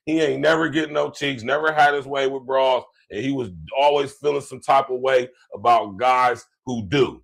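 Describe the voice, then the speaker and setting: A man's voice: mid-range voice, moderate pace, vocal fry, hardly any pauses, fairly bright tone. A man hosting a podcast, reacting to clips with blunt, mocking slang-heavy commentary. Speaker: podcast host.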